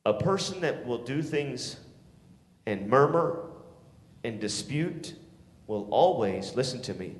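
A man preaching a sermon to teenagers, swinging from shouts to hushed tones and calling for responses. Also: mid-range voice. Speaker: youth pastor. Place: church sanctuary. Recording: echoey hall.

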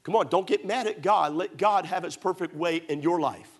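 A man's voice: high-pitched, moderate pace. Emphatic storytelling preacher man. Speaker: pastor. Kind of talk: sermon.

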